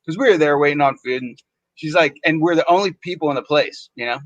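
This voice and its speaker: Animated man telling a story. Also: fairly high pitch, fast, no room sound. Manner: animated, acts out other people's lines in shifting voices. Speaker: podcast co-host. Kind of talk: casual storytelling chat. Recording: dull lo-fi sound.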